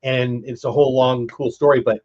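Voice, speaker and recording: An enthusiastic man hosting a baseball watch-party stream, jumping between play calls and long rambling asides. His voice sits at an ordinary pitch, and it comes through on somewhat muffled, lo-fi audio. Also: flat delivery, brisk, darkish tone. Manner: enthusiastic, rambling, talks over others. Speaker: livestream host. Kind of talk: casual livestream chat with play calls.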